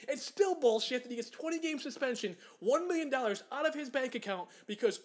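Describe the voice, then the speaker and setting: High-voiced man ranting angrily. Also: lively intonation, brisk, hardly any pauses. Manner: angry, profane ranting, mocking put-on voices. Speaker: podcast co-host. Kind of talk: casual chat, profane sports rant.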